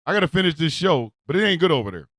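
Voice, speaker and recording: A man hosting a radio show, ranting loudly in a comic, excitable way, yelling and cursing. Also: fairly high pitch, very fast, no room sound. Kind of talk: loud comic rant.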